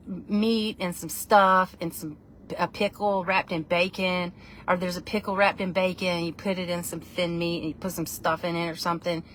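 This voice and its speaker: A woman's voice: fairly low pitch, a bit bright, a little hiss or hum. A woman, chatting in a casual, rambling vlog, playful and self-mocking. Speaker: vlogger.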